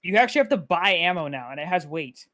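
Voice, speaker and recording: A young man chatting excitedly about online games on a podcast he co-hosts. He tumbles over his words, restarts sentences and keeps saying "dude" and "bro". His pitch swings widely when he gets worked up. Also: fast, a loud crowd. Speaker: podcast co-host. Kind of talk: casual gaming chat.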